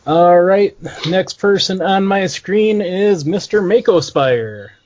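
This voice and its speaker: A man hosting a casual podcast over a video call, talking slowly and at ease in a slightly raised voice. He laughs often between lines. The call audio sounds dull and lo-fi. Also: sits high, darkish tone. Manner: laid-back, laughs often, introduces guests. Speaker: podcast host. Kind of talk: casual chat.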